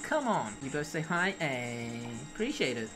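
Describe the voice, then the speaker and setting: A woman streaming a video game, chatting casually with her viewers, pleading with the game and bursting into excited shouts. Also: low-pitched, normal speed, over music. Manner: chatty, greets and answers chat, pleads with the game. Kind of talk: casual live-stream commentary while playing.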